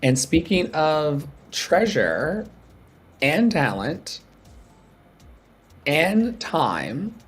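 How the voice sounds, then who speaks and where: A man's voice: a little high, sing-song, drawn-out words, pauses often, breathy edge. A man hosting a casual live stream, talking in a rambling way with lots of fillers. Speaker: host.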